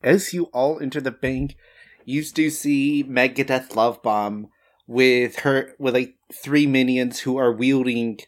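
A man's voice: medium pitch, fairly even intonation, takes it slowly. A man narrating a tabletop role-playing game as game master, in a casual, playful way.

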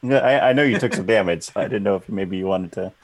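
Man, low voice, tabletop player, measured and formal. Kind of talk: playing a tabletop game.

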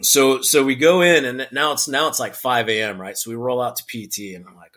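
A man's voice: mid-range voice, fairly quick, few pauses. Laughing ex-Marine man telling a story. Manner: animated, acts out quotes with laughs. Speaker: podcast guest, former Marine sergeant. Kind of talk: casual storytelling.

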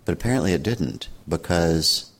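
Deep-voiced older man telling stories calmly. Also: moderate pace. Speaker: meditation teacher. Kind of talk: reflective storytelling.

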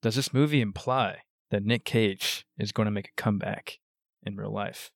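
A man co-hosting a casual movie review podcast, excitable and full of "like". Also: lowish voice, moderate pace, creaky, no echo, clean studio sound. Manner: excitable, many fillers of "like".

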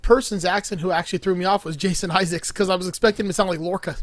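A man co-hosting a casual movie podcast, blunt and quick with frequent swearing. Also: high voice, steady tone, dry recording. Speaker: podcast co-host.

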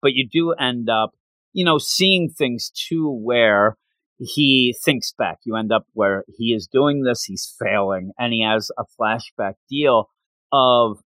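A man hosting a podcast, retelling an anime episode in an animated, playful way in casual chat. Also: mid-range voice, slow, no room sound. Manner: animated storytelling with playful bits. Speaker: podcast host.

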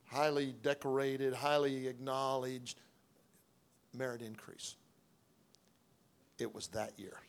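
A middle-aged man preaching through a personal story, in a conversational way, acting out the dialogue with frequent restarts. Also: medium pitch. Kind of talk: sermon storytelling.

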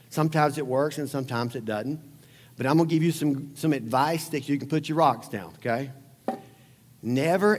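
A man preaching a sermon, talking conversationally with rhetorical questions and repeated lines for emphasis. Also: a little high. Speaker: pastor. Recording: long hall reverb.

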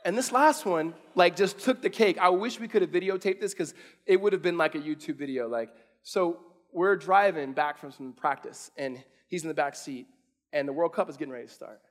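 A man's voice: a little high, brisk. A man, preaching a sermon in a casual storytelling way, full of restarts and fillers. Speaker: pastor.

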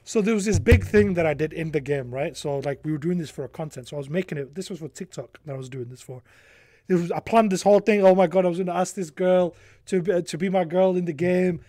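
Young guy w a high voice rambling thru a story on a podcast, swears a lot, dry close sound. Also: fast talker, warm tone, no room sound. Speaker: podcast guest. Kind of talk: casual chat.

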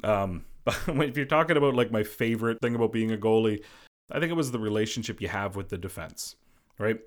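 Rambling, lower-pitched man hosting a sports podcast. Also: brisk. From Boston area. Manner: rambling, heavy on "you know" fillers. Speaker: podcast host; former hockey goalie. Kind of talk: casual solo sports podcast.

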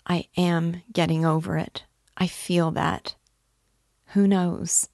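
A woman reads an emotional young woman torn in love, who pleads and breaks off halfway through her sentences. The voice sits low and slow, with a gravelly edge. The sound is close and dry. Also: flat delivery, a little mellow, no echo. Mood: impassioned. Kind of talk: dramatic reading of a novel.

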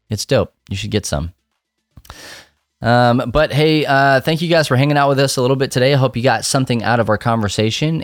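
A man with a very low voice co-hosts a podcast, joking and wry as he talks. His delivery is casual and loose. The recording is dry, with no room sound. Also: dry recording. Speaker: podcast co-host. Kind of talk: casual chat.

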